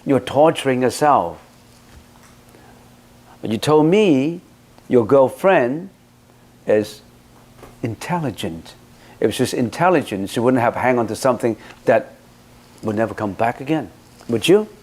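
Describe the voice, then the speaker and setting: Male Buddhist teacher, mid-pitched voice, emphatic dharma talk full of rhetorical questions. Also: lively intonation, unhurried, long pauses, a little mellow.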